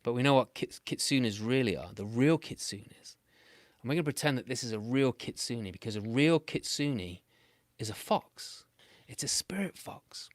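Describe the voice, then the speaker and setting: A British man making up a playful, animated children's story, with big swings between loud and soft. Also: mid-range voice, moderate pace, no echo.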